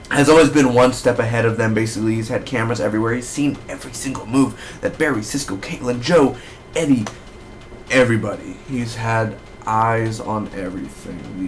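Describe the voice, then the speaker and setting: A man giving a casual spoken review of a TV episode, rambling and excitable with lots of fillers. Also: lowish voice, a little hiss or hum. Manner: rambling, excitable fan talk with many fillers.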